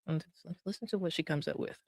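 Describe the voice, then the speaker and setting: A woman streamer talks through a clip in casual commentary, chatty and quick to laugh, filling her sentences with "like". Her voice sits a little low and sounds dry and close to the mic. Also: darkish tone, no echo. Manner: chatty, laughs often, fillers of "like". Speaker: streamer reacting to clips.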